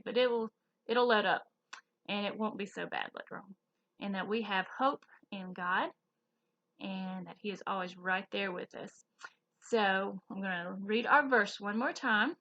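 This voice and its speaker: Southern woman teaching kids Sunday school. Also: mid-range voice. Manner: slow, expressive, questions to kids. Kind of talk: children's Bible lesson. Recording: dull lo-fi recording.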